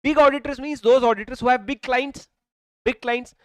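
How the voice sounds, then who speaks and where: High-voiced Indian man lecturing emphatically. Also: fairly even intonation, normal speed, fairly bright tone, smooth, no room sound, poor audio. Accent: Indian English. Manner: emphatic, repetitive, addresses students as sir. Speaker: accountancy law teacher. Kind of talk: classroom lecture. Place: classroom with students. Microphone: handheld or worn mic.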